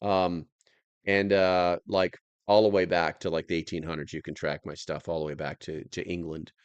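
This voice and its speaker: A man's voice: deep voice, flat delivery, normal speed, clear, resonant tone, no echo, lo-fi sound. An American man hosting a casual livestream, rambling loosely and reading viewer comments aloud. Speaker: livestream host.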